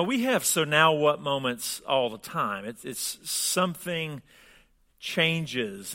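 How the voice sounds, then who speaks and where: A man's voice: medium pitch, sharp tone. A man pastor giving a sermon, reading scripture and praying, then telling stories in a conversational, humorous way.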